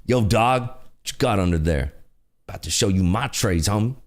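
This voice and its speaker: A man's voice: deep voice, very animated, normal speed, vocal fry, husky, voice pushed down, exaggerated voice. A man voicing a swaggering young male street gangster who talks in slang and taunts the listener. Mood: taunting.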